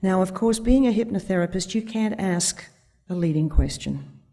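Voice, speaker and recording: A woman's voice: medium pitch, normal speed, mellow. A woman speaking at a conference, telling a vivid anecdote and quoting the dialogue along the way. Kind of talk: storytelling talk. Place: conference stage before an audience.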